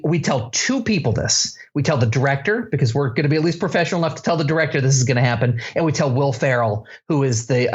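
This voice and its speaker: A middle-aged man hosting a podcast, telling an anecdote with animated energy and laughing as he tells it. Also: on the high side, dull audio. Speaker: podcast co-host. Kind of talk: casual storytelling chat.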